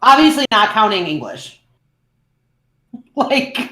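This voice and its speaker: Slow, low-voiced woman in an echoey room. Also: very animated, pushed and bright. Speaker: stream co-host. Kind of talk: casual chat.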